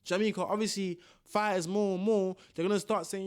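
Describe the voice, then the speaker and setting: A man's voice: high voice, level tone, quick pace, few pauses, smooth. A young man giving casual boxing commentary, slangy and ranting, often repeating himself. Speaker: boxing vlogger.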